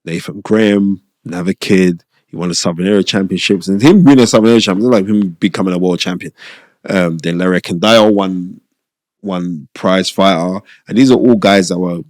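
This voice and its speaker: Middle-aged man, low voice, animated streetwise storyteller, dry studio sound. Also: fairly quick, dry recording. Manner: animated, repeats phrases, streetwise slang. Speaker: boxing pundit and former boxer. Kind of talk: casual storytelling interview.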